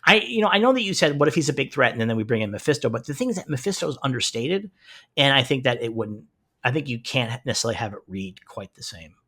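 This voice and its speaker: A man co-hosting a podcast, recapping a TV show in casual chat, animated and swearing freely. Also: mid-range voice, fast, husky. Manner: animated, swears freely, acts out characters' lines in retelling. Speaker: podcast co-host.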